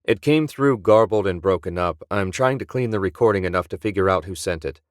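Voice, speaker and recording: A man's voice: sits low, animated, fairly quick, no echo, clean studio sound. A man voicing a skeptical ship technician who talks bluntly and dismissively.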